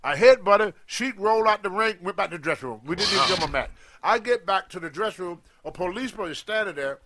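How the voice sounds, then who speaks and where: An older man, a guest telling an animated story and acting out the people in it. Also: sits high, fast talker, slight background noise. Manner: animated storyteller, acts out quoted voices. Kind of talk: storytelling in a podcast interview.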